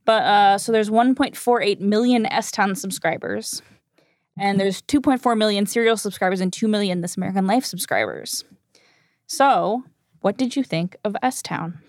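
A woman co-hosting a podcast in casual chat, wry and quick to laugh. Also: medium pitch, a little mellow, no echo, studio quality. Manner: chatty and wry, laughs often. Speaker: podcast co-host. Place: shared recording room.

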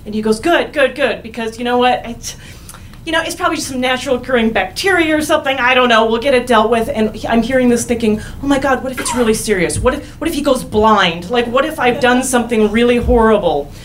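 A woman's voice: a little high, fast talker, a little hiss or hum, low-quality recording. A young woman telling a candid personal story on stage, wry and laughing at herself.

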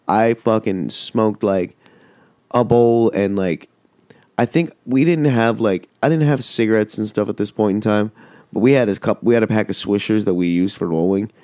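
A man's voice: on the low side, moderate pace, darkish tone, no room sound, studio quality. A man hosting a podcast, telling a rambling, heavily profane story in casual chat. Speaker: podcast host.

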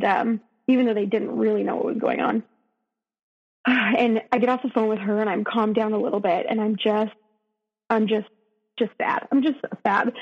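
Husky woman telling a painful story. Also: on the high side. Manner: emotional, halting, with many restarts. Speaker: podcast guest. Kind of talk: personal storytelling. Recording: dull, echoey recording.

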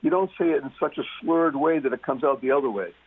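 A man's voice: on the high side, quick pace. A man talking as a guest on a talk radio show, emphatic and repeating key words for stress. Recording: muffled phone-line radio sound.

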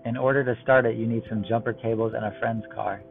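A man reading a run of one-liner jokes in a deadpan way. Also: mid-range voice, quick pace, vocal fry. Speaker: joke teller. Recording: tinny phone-like line with music behind. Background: music.

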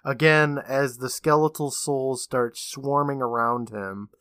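Podcast guy recapping a show, bright voice, laughs a lot, dry close mic. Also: medium pitch, takes it slowly, clear, resonant tone, no room sound. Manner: animated retelling, laughing often. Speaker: podcast co-host. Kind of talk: casual recap chat.

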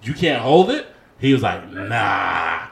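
A man with a bright voice and lively pitch tells a story in casual chat, quoting others as he goes. His voice rings in an echoey room. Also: takes it slowly, creaky. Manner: laid-back storyteller, quotes others in a low voice.

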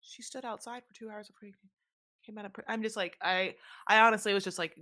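A woman co-host talking fast and loose about a reality show, full of fillers and blunt swearing. Her voice sits in a middle pitch, recorded close and dry with no room sound. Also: no room sound. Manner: animated, filler-heavy, blunt and profane. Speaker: podcast co-host. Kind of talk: casual chat recapping a reality show.

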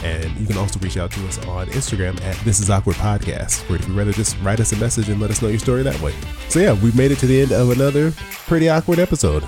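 A man's voice: on the low side, fast talker, music in the background. A man hosting a podcast in casual chat, laid-back and teasing, laughing often. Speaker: podcast host.

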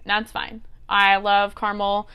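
Podcast host, woman in her twenties, smooth clear voice, earnest and chatty. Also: mid-range voice, monotone, measured pace, pushed and bright. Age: 20s. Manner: earnest, advice-giving, with fillers like "like" and "okay". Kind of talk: casual solo podcast talk.

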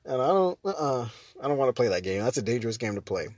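A man's voice: mid-range voice, very animated, quick pace, a little mellow, dry recording. Rambling man, dry close podcast sound. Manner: rambling, self-interrupting, laughs often. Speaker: podcast host. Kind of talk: casual solo podcast chat.

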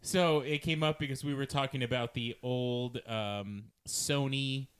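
A man's voice: mid-range voice, steady tone, a little slow, fairly bright tone, smooth. A man co-hosting a podcast in casual chat, easygoing and laughing along, playfully arguing his points. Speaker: podcast co-host.

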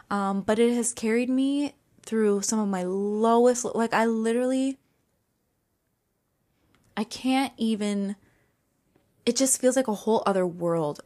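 A woman's voice: mid-range voice, darkish tone. A young woman hosting a podcast, rambling casually and self-consciously, full of likes and restarts. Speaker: podcast host.

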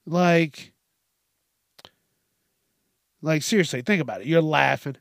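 A man's voice: on the high side, moderate pace, creaky, no echo, clean studio sound. A man hosting a casual solo podcast, ranting with lots of swearing and acting out quoted lines. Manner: profane, animated ranting with acted-out quotes. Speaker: podcast host.

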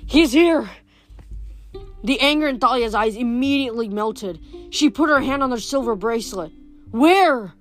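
A woman reading a novel aloud in a steady storytelling voice, with small slips and restarts. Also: fairly high pitch, fairly quick, faint music behind. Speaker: reader.

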